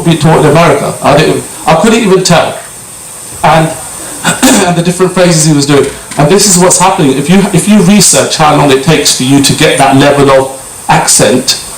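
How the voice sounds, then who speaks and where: A British man with a slightly high voice gives an informal, conversational sermon in a large gurdwara prayer hall, often restarting and clearing his throat. The mic is distant, the hall echoes, and there's slight background noise.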